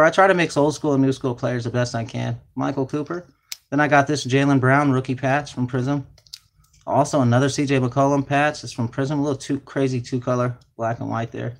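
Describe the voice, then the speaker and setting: A man hosting a card break, calling out card names and numbers in chatty, casual talk, sounding flustered and distracted. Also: medium pitch. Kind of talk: casual card-opening commentary.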